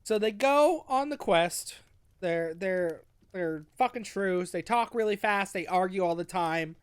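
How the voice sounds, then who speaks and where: A man's voice: sits high, lively intonation, a little slow, clear, resonant tone, dry recording. A man co-hosting a podcast, retelling a book in a rambling, casual way, swearing freely and restarting his sentences. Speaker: podcast co-host. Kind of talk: casual book recap chat.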